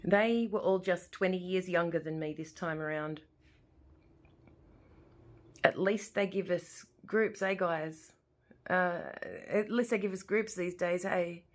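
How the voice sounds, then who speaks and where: In a lowish voice, taking her time, an Australian woman in her forties vlogs from her living room. She speaks directly to the camera in a heartfelt, wandering monologue that keeps repeating points.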